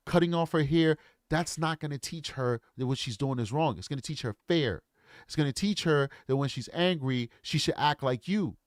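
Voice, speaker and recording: A man's voice: a little high, dry recording, studio quality. A man in his forties giving casual, opinionated commentary straight to his viewers. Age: 40s. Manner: opinionated, talks straight to the audience. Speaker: true crime commentator.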